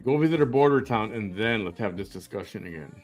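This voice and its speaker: A man's voice: fairly low pitch, animated, fast talker, faint music behind. A man hosting an opinion commentary, reacting to clips in a blunt, confrontational way and firing rhetorical questions. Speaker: host.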